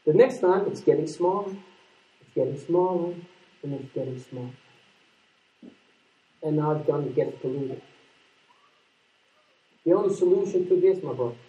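A man with a Dutch accent, a native Dutch speaker, preaching a sermon as an animated storyteller who acts out quoted lines. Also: a little high, normal speed, long pauses, reverberant, far from the mic, low-quality recording. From Netherlands.

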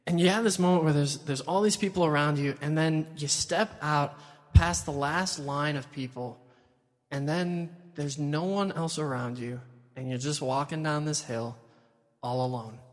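A man preaching a sermon with slightly high pitch and animated, dramatic storytelling. His voice carries a long reverb, as in a large hall. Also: normal speed. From United States.

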